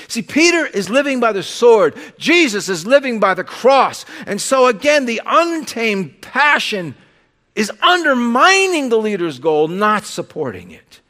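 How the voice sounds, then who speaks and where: A man preaching a sermon as pastor, conversational and animated, with sudden loud bursts and quiet drops. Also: high voice, normal speed.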